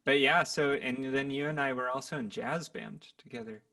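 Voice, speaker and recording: A man in his twenties, a musician and podcast guest, chatting in a relaxed, rambling way from his home recording room. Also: mid-range voice, moderate pace, creaky. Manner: relaxed, rambling, laughs easily. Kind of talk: casual podcast chat.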